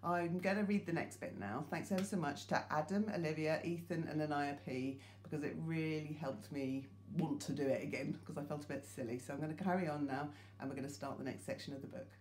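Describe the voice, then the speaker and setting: A woman teacher, reading a children's book aloud to her class in a friendly, expressive way. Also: deep voice, a little fast, hardly any pauses, slight background noise.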